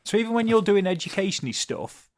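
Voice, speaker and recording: A man's voice: sits high, sing-song, fast talker, a little mellow. A man co-hosting a podcast, bantering in a jokey, self-deprecating way. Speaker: podcast co-host. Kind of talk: casual podcast chat.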